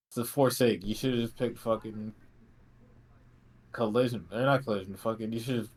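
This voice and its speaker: A man's voice: lowish voice, steady tone, normal speed, a little mellow. A man co-hosting a casual wrestling podcast chat, ranting in a sarcastic, profane way. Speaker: podcast co-host.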